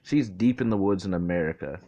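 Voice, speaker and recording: A young man with a somewhat low voice, casually telling a made-up fan story. He rambles, drops curse words freely and keeps stopping to correct himself. The delivery is loose and unscripted. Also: expressive, a little fast, mellow, lo-fi sound. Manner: rambling, profane, self-correcting.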